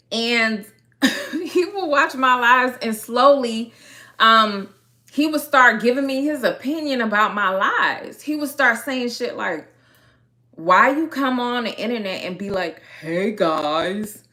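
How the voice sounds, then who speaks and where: A young woman with a Miami accent tells a casual story time to her viewers. Her voice sits a little high and rings bright and sharp. She talks in a slangy, animated way and laughs often. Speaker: hair care content creator.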